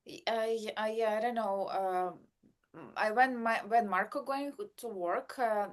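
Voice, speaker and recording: A woman's voice: on the high side, a little slow. A woman, a mother of a baby, talking in a casual podcast chat, hesitating and searching for simple words as she speaks.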